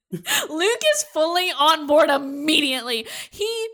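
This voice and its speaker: A woman co-hosting a casual podcast, animated, swearing freely and laughing a lot. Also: sits high, takes it slowly. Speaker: podcast co-host. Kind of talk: casual chat.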